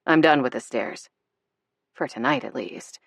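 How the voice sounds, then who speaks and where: Woman reading as a gruff grown man, teasing, low voice, dry close sound, audiobook. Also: big pitch swings, unhurried, dry recording, exaggerated voice. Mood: earnest. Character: blustering but tender grown man.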